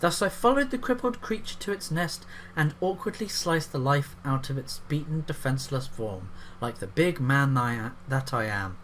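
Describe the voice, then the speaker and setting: Male commentator, middle pitch, reads the text out then mocks it with crude, scornful asides. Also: animated, normal speed, few pauses, background noise. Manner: sarcastic, profane interjections. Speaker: YouTube commentator. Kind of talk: reading an article aloud with commentary.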